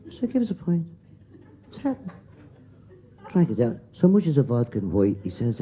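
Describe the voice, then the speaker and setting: A man's voice: mid-range voice, very animated, dark tone. A man with an Irish accent telling a joke on a live comedy stage, acting out both sides of a pub exchange. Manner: slow, drawn-out telling of a pub joke in dialogue. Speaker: stand-up comedian.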